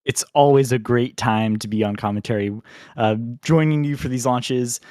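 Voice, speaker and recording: A man co-commentating a live launch stream, relaxed and agreeable. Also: medium pitch, moderate pace, no room sound, clean studio sound. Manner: relaxed, agreeable, laughs along.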